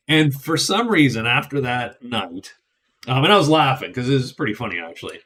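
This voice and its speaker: A chatty man talks through a movie review in a loose, rambling way. His voice sits at an ordinary middle pitch, and he often stops and restarts his sentences, adding wry, amused asides as he goes. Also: expressive, normal speed, a bit bright. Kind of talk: casual spoken movie review.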